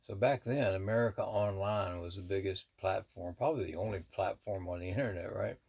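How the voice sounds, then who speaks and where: A man's voice: low voice, brisk, creaky, a little mellow, slightly rough. A middle-aged man, a shaman, telling a personal story in a rambling, easygoing way, full of asides. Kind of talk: casual spoken storytelling.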